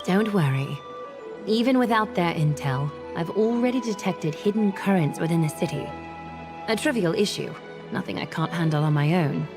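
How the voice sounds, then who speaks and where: A poised, commanding woman guardian in a video game, speaking in a calm, low register that sometimes drops to a breathy hush. Game music plays underneath the dialogue. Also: moderate pace. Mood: calm, assured.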